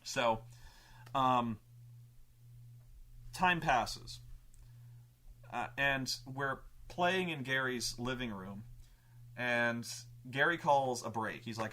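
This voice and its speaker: Bright-voiced rambling male storyteller. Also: medium pitch, extremely slow, pauses often. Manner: rambling, many restarts and stammered repeats; profane and emphatic. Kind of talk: casual anecdote.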